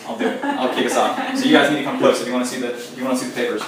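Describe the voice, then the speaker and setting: A man teaching a small group in a relaxed, casual way, with frequent fillers as he explains. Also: medium pitch, rapid-fire. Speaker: teacher leading a Sabbath demonstration. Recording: very echoey room, distant mic, faint noise.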